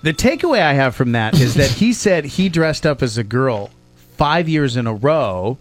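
Lively-voiced male podcast co-host. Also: mid-range voice, normal speed, dry recording, faint music behind. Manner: rambling, hesitant, many fillers. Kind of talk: casual chat.

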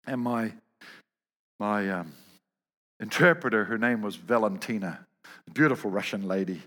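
A man's voice: lowish voice, normal speed, fairly bright tone, big-room sound. A man preaching a sermon, telling humorous stories and often repeating words as he goes.

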